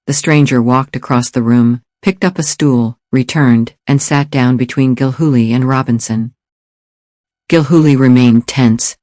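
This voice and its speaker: Reading a thriller audiobook, a male narrator keeps a steady, measured storytelling pace in a mid-range voice. The scripted narration was captured as clean studio sound without echo.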